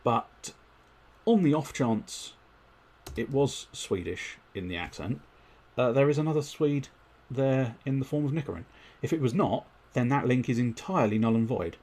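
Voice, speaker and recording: Husky-voiced man streaming casually. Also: mid-range voice, animated, moderate pace, a little mellow. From United Kingdom. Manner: wordy and politely formal, with many fillers and restarts. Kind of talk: casual live-stream chat.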